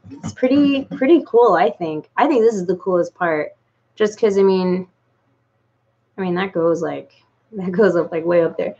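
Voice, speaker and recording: A woman's voice: mid-range voice, a little mellow, muffled recording. A woman chatting casually to her viewers, rambling with many "like"s and false starts. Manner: rambling with many likes and restarts. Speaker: doll collector vlogger. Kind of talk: casual unscripted chat.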